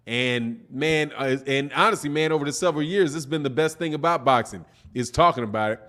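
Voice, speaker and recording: A man's voice: a little high, fairly quick, fairly bright tone. A man hosting a live boxing stream, chatting casually and reading out viewer comments in a loose, rambling way that keeps circling back to "man.". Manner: laid-back, rambling, peppers talk with "man".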